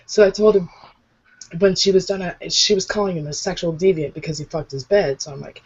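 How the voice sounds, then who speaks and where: A woman's voice: fairly low pitch, fairly quick, a little mellow, breathy edge. A woman co-hosting a podcast, telling stories in casual banter, swearing often and laughing. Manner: profane, laughing storyteller. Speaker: podcast co-host. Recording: dull lo-fi audio.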